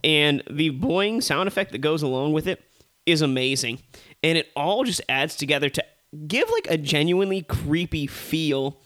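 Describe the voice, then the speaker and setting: Animated, cursing man reviewing movies. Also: on the high side, normal speed. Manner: animated, profane ranting. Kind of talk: casual chat.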